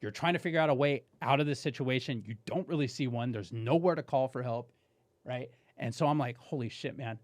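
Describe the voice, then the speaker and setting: A man appearing as a podcast guest tells a story casually and animatedly, swearing and saying "dude" a lot. He speaks briskly at medium pitch, and the recording is dry.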